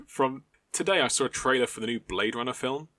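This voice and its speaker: Bright-toned man, rambling. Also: medium pitch, fairly quick, dry recording. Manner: rambling, hesitant, many fillers. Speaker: podcast co-host. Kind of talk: casual chat.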